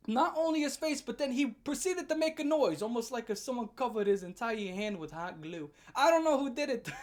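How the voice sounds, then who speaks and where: A woman tells a storytime rant straight to her viewers. She is animated and profane, swinging into loud, laughing shouts. Her pitch sits at an ordinary middle height. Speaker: vlogger.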